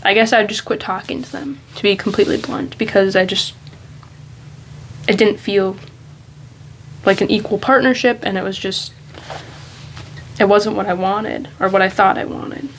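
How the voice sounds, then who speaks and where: A woman vlogging in a loose, rambling way, thinking aloud and speaking candidly at an ordinary, middle pitch. A faint hiss of background noise sits beneath her voice. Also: steady tone, moderate pace, pauses often, low-quality recording. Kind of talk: casual reflective monologue.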